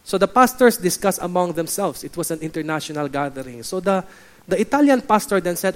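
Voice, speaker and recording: A Filipino-accented pastor preaches in a notably high voice for a man. He speaks emphatically and builds his points by repeating phrases as he exhorts the congregation. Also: lively intonation, brisk. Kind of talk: sermon.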